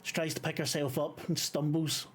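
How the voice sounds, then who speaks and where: A man running a tabletop horror game as game master, narrating casually with frequent swearing and filler pauses. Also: fairly high pitch, level tone, slight background noise.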